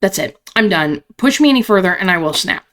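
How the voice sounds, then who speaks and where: A woman's voice: mid-range voice, animated, fairly quick, natural voice. A volatile, profane stranger, voiced by a woman in a horror game. She snarls short, clipped threats and sounds ready to snap. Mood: furious. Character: foul-mouthed furious woman, volatile and threatening.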